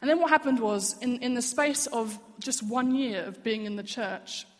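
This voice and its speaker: A woman's voice: on the high side, moderate pace. Woman preaching in an echoey hall. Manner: earnest, candid, personal storytelling. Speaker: church speaker. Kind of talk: sermon. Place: church.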